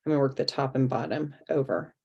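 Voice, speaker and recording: An art teacher leads an online craft workshop over a video call, chatting as she explains each step while working. Her voice is very deep, steady, fast, husky, and full of vocal fry, with the highs cut off.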